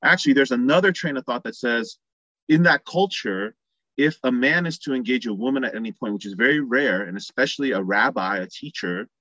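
A man's voice: mid-range voice, fairly quick, bright, forceful tone, no echo, dull audio. A man preaching a sermon in a conversational way, acting out the people in the story as he goes. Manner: conversational, acts out quoted voices.

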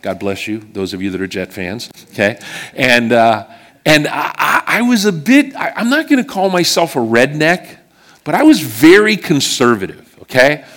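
A man's voice: mid-range voice, expressive, normal speed, a bit bright. A middle-aged man from western Pennsylvania preaching a sermon, telling a personal story in a chatty way and checking in with the congregation as he goes.

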